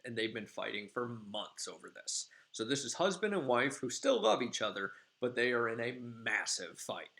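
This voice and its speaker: A man's voice: medium pitch, very animated, moderate pace, vocal fry, hardly any pauses, sharp tone. A male teacher giving a casual, rambling class lecture, full of filler ums. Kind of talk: classroom lecture summarizing a play.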